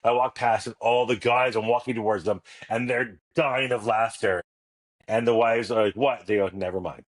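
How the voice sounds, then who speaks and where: A man's voice: medium pitch, steady tone, moderate pace. A man in his forties, a podcast guest, telling family stories with comic timing and acting out the dialogue. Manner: anecdotal, comic, acts out dialogue. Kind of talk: casual storytelling chat.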